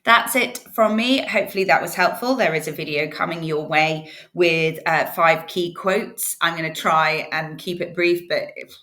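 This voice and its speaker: A woman's voice: deep voice, normal speed, pushed and bright. Chatty woman teaching literature. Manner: chatty, informal, encouraging. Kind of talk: casual revision lesson.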